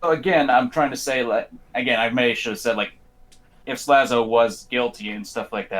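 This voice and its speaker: A man's voice: medium pitch, normal speed, fairly bright tone. A man on a voice call debate who makes his case insistently, leaning on hypotheticals. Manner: insistent, argues through hypotheticals. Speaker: debate guest, video maker. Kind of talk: casual debate over a voice call.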